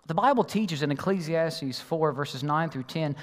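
Male pastor with a high voice, animated storyteller, recorded with a long church-hall reverb. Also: moderate pace, few pauses. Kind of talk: sermon with personal story. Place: church auditorium.

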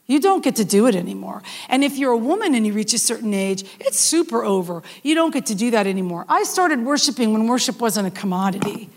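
A middle-aged woman preaching a sermon in an animated storytelling manner, with frequent restarts and asides. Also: a little high. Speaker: worship leader preaching. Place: church hall. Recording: long hall reverb.

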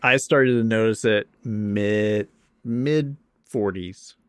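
A man's voice: fairly low pitch, slow pace, clear, resonant tone, no echo. A man in his fifties co-hosting a podcast, casual chat with dry, wry humor. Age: 50s. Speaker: podcast co-host.

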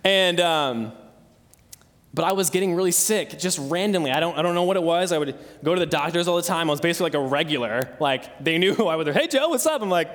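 A man's voice: a little high, fast talker, fairly bright tone, big-room sound. A young man in his twenties preaching a sermon, earnest and conversational, telling a personal story. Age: 20s. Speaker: pastor.

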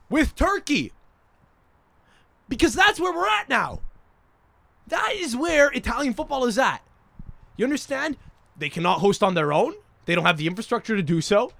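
A man hosting a solo podcast, rambling, profane and excitable, jumping between topics and often checking in with "you understand?". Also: a little high, no room sound. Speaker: podcast host.

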